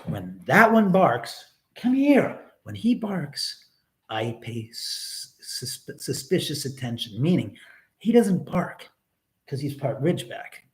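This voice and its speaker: A man's voice: on the high side, very animated, takes it slowly. A middle-aged man hosting a casual livestream from his home, rambling to his viewers and swearing when riled. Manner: rambling, talks to chat and his dog, swears when angry. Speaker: livestream host. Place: indoors at home.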